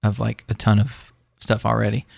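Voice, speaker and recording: A man's voice: fairly low pitch, level tone, moderate pace, creaky, a little mellow, no echo, studio quality. A man co-hosting a podcast in casual chat, rambling with lots of fillers and restarts. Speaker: podcast co-host.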